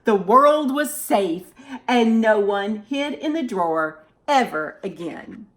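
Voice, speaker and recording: A woman reading a picture book aloud to children, animated and expressive. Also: mid-range voice, takes it slowly. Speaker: storytime reader.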